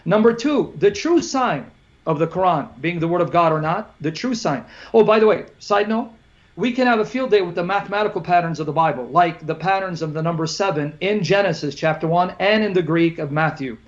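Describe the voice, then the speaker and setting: Combative high-voiced man in debate rebuttal. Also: expressive, lo-fi sound. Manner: combative, rapid-fire, sarcastic.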